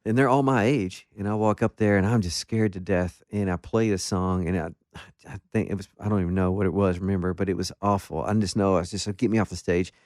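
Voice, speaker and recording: A man, a guest musician, telling stories in a casual interview in an animated, self-deprecating way, with many restarts. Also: low-pitched, fast, no room sound, studio quality.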